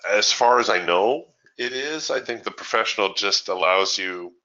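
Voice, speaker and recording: A man's voice: on the low side, expressive, normal speed, pushed and bright, highs cut off. A man hosting a live trading webinar, chatting casually and with strong opinions as he answers viewer questions, laughing easily.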